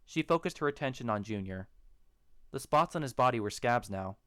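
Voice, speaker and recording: A man narrating a story in a steady, even storytelling manner. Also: mid-range voice, a little fast, clear, resonant tone, no echo. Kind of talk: audiobook narration of a fan story.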